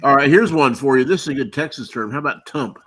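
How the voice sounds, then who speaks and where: A man's voice: mid-range voice, quick pace, a bit bright. A man in casual livestream chat explaining things in a matter-of-fact way.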